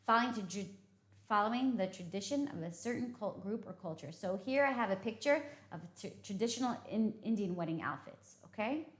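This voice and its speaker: A woman's voice: medium pitch, animated, brisk. A woman teaching English vocabulary, explaining patiently and often checking in with "okay?". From United States. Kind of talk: vocabulary lesson. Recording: echoey room.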